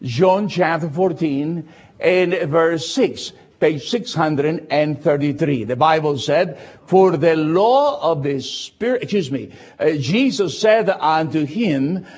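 An older man preaching a sermon with non-native English phrasing, slowing down deliberately to stress scripture. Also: a little high, expressive, darkish tone. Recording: dull lo-fi recording.

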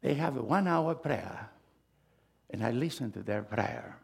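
Animated gravelly preacher man. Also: medium pitch, a little slow. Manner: emphatic preaching that swings from loud to hushed. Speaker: pastor. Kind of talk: sermon.

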